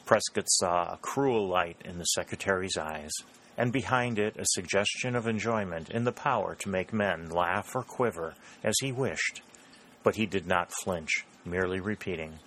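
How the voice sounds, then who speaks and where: A man narrating an audiobook in a steady, even reading voice. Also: low-pitched, moderate pace, a little hiss or hum, poor audio. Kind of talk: scripted narration of a historical novel.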